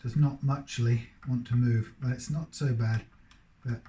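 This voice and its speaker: A man's voice: medium pitch, steady tone, measured pace, dark tone, a little hiss or hum. A man working as a guitar technician, rambling and thinking aloud in casual commentary while he works at his bench. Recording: roomy workshop echo.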